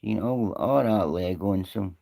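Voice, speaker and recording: A man's voice: lowish voice, a little slow, creaky, mellow. A Scottish man on a live stream, rambling and greeting viewers by name in casual chat.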